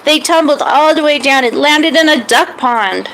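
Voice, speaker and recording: A woman tells a children's story in a gentle, animated way. Her voice sits high. A faint hiss runs under the recording. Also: normal speed, few pauses, poor audio.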